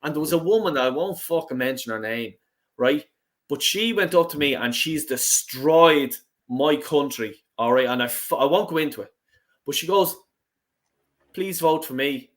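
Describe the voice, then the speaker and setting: Man, Irish accent, high voice, blunt, sweary, impassioned, football fan chat. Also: animated, moderate pace, a bit bright. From Ireland. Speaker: fan show panelist. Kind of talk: heated casual football chat.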